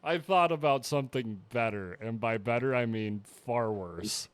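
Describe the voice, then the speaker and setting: Laid-back young man, smooth voice. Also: medium pitch, a little slow, no echo. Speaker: podcast co-host. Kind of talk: casual chat.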